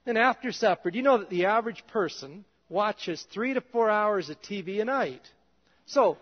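A male pastor preaching a conversational sermon in a church, his voice dropping soft and low at times. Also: lively intonation, moderate pace. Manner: conversational, drops soft and low in quoted prayers. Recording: dull reverberant hall sound.

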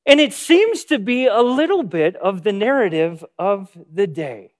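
Man, pastor preaching, high voice, lively storytelling. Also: measured pace, few pauses. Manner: storytelling with acted-out quotes. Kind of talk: sermon.

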